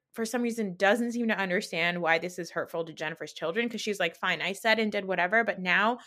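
Opinionated woman recapping reality TV. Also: mid-range voice. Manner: opinionated, sarcastic, animated storytelling with mocking quoted voices. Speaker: podcast host. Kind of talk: solo reality TV recap podcast.

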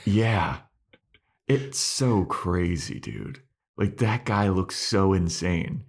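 A man's voice: deep voice, extremely slow, slightly rough. A man co-hosting a podcast, recapping a show in loose, casual chat full of "like"s. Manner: loose, swearing, many "like"s. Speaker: podcast co-host.

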